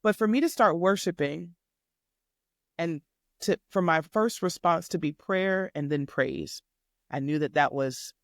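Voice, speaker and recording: Animated woman telling a faith testimony. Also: lowish voice, a little slow, no room sound, clean studio sound. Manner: animated, emphatic storyteller acting out dialogue. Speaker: podcast guest, life coach. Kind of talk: faith testimony storytelling in casual chat.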